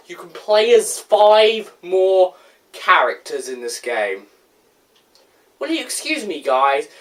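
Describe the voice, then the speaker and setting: A woman's voice: lowish voice, big pitch swings, slow. Sarcastic ranting woman reviewing a game. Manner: rhetorical questions and exasperated asides. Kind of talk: casual video game review.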